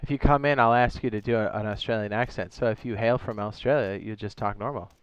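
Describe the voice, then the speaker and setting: A man's voice: on the low side, fairly even intonation, fast talker, clean tone, no room sound, dull audio. A man hosting his own game live stream, chatting casually, reading viewers' messages aloud and often correcting himself. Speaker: streamer and server host.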